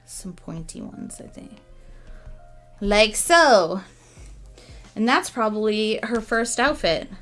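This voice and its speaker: A young woman chatting casually while she draws on a livestream, musing softly and now and then gushing thanks to viewers. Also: mid-range voice, vocal fry, faint music behind. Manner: soft, musing and slow, bursting into excited gushing thanks. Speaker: artist streaming a drawing session.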